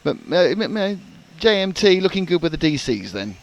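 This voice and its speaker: A man's voice: high-pitched, sing-song, vocal fry. A man doing live race commentary, joking and teasing his co-host. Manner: jokey, quick, teasing. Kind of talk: live sport commentary with banter.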